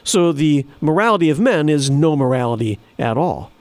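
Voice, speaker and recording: A man's voice: on the high side, animated, moderate pace, no room sound. A man preaching a sermon in an earnest, emphatic way, repeating phrases for stress. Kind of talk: sermon with scripture reading.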